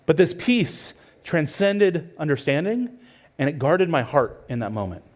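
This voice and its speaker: Man, pastor, sermon, thirties, earnest, hushed to urgent, lively pitch. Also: a little slow. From California. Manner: earnest storytelling, shifts between hushed and urgent.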